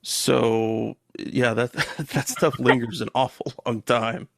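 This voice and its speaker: Man, very gravelly voice, dry close sound, wry casual storytelling. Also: medium pitch, fairly even intonation, slow, a bit bright, dry recording. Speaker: podcast co-host, Army veteran. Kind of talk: casual anecdote.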